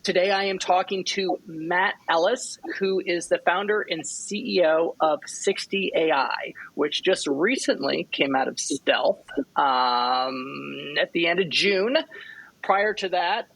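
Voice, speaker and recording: A man's voice: a little high, takes it slowly, vocal fry, fairly bright tone, dry recording, poor audio. A man hosting a podcast interview, loose and joking, with lots of fillers and restarts. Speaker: podcast host. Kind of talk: podcast interview, casual chat.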